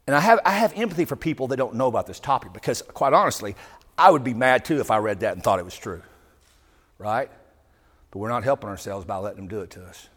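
A fired-up public speaker talks fast with lively intonation, giving an impassioned speech to a live crowd in a reverberant hall. He's emphatic, swinging from loud outbursts to low asides.

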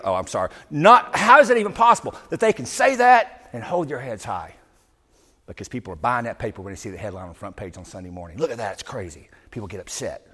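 A man giving an impassioned speech to a live audience, talking emphatically and swinging from loud outbursts to low asides. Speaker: public speaker addressing a live audience. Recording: long hall reverb.

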